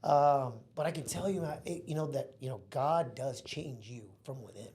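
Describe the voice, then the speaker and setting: A man in his thirties speaks as a podcast guest, telling his story in an earnest, heartfelt way. His voice is mellow and warm, his pitch in the middle range, and he keeps dropping in casual words like bro and man. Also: normal speed. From Mexico.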